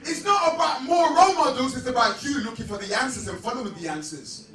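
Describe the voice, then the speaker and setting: A middle-aged man giving a rousing motivational speech and shouting calls out to the crowd. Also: extremely high pitch, expressive, quick pace, very noisy. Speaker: motivational speaker. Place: large hall with an audience. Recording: echoey hall from far off, with music and crowd.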